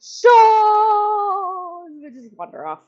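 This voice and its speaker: A woman's voice: a little high, expressive, normal speed, soft background music. Playful woman player, muffled sound. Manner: laughs often, playful. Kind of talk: casual tabletop play.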